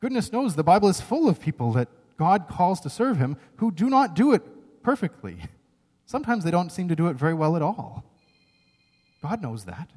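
A man's voice: high voice, darkish tone, husky. A man preaching a sermon, earnest and emphatic, often checking in with "right?". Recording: long reverb of a large hall.

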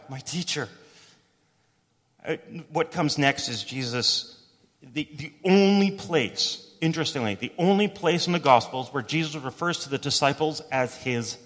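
A man delivering a sermon in a casual, chatty way, dropping in quick voiced quotes as he retells stories. His voice sits at an ordinary middle pitch. The sound carries a long reverb, as if from a church hall. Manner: conversational, animated storytelling with quick voices for quotes. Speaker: pastor.

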